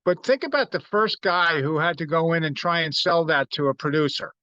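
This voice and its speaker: Middle-aged male podcast co-host, casual storyteller, slightly higher voice, dry and a bit dull-sounding recording. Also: a little fast, dry recording. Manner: storytelling, animated when quoting others. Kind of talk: casual chat.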